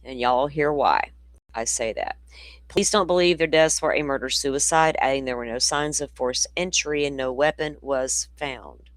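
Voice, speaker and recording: A woman's voice: extremely low pitch, moderate pace, dry recording. A woman hosting a true crime show, reading news reports aloud and breaking off into opinionated, conversational asides to her viewers. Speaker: true crime podcast host.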